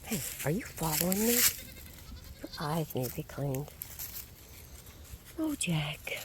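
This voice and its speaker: A woman's voice: deep voice, huge pitch swings, slow, pauses often, noisy background. A woman, filming outdoors on her backyard farm and chatting affectionately to her animals in a casual baby-talk manner.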